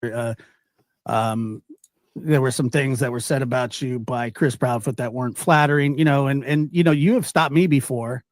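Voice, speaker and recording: A man's voice: mid-range voice, fairly even intonation, no room sound, clean studio sound. Hesitant man hedging his questions. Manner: hesitant, halting, many fillers.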